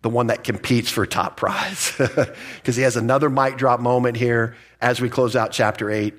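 Animated man preaching a sermon. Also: medium pitch, moderate pace. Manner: conversational and animated, with rising emphasis and laughs. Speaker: pastor. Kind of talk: expository sermon.

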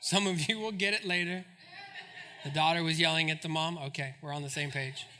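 A pastor preaching a sermon in an animated, joking, storytelling way. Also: male voice, a little high, a little fast.

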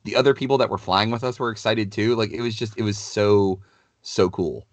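Casual podcast co-host, man, middle-aged, deep and dry-sounding, talks loose with lots of fillers. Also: brisk, dry recording. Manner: animated, rambling, many "like" fillers. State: has a cold, clears throat. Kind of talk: casual storytelling chat.

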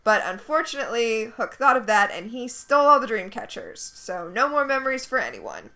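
Animated, high-voiced woman co-host. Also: fairly quick. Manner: animated, blunt and sarcastic. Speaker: podcast co-host. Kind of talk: casual recap chat.

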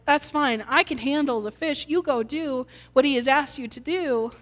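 A man's voice: very high-pitched, moderate pace. A woman voicing a cheerful, easygoing older fisherman father. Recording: dull recording in a reverberant hall.

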